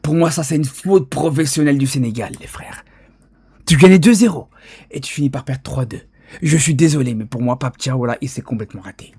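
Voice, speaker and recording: A man's voice: mid-range voice, fast talker, a little mellow, slightly rough, no room sound, studio quality. A man from Belgium giving opinionated football commentary, insistent and talking straight to his viewers. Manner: insistent, addresses viewers directly. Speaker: football commentator on social media.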